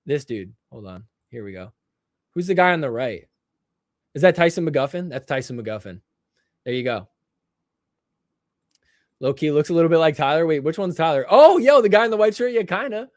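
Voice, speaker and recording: Excitable young man hosting a live stream. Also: fairly high pitch, moderate pace, pauses often, dry recording, clean studio sound. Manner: excitable, joking, laughs often. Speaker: livestream show host. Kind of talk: casual live-stream commentary.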